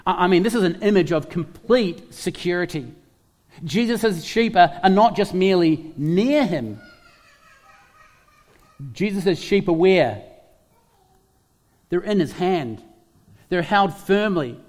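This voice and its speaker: A man's voice: sits high, expressive, slow, long pauses, a little mellow, big-room sound. A man preaching a sermon, emphatic, repeating key phrases and putting questions to his listeners. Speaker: pastor.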